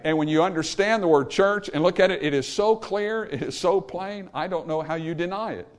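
A man preaching a Baptist sermon, emphatic, swinging between loud peaks and low trailing endings, calling for amens from the congregation. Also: a little fast. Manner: calls for amen from the congregation. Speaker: Baptist pastor.

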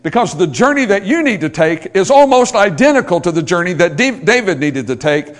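A man's voice: sits high, very animated, brisk. A male pastor preaching a sermon, building in intensity and pleading when he quotes scripture.

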